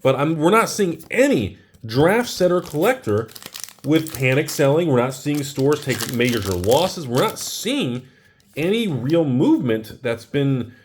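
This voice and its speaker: An American man who owns a card shop, chatting casually in a vlog while opening packs. He rambles in an excitable way, filling his talk with "like" and "dude.". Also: fairly high pitch, measured pace, a little hiss or hum. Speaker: card shop owner and investing vlogger.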